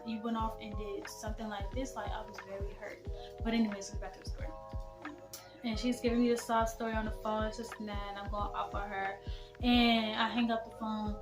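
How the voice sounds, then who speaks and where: A young woman in her teens telling a dramatic personal story as a vlogger, emphatic and animated, talking straight to her viewers. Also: a little high, echoey room. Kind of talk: storytime vlog.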